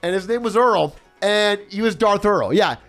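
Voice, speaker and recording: A man streamer telling a story in casual chat, animated, laughing often and swearing freely. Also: high voice, normal speed, soft background music.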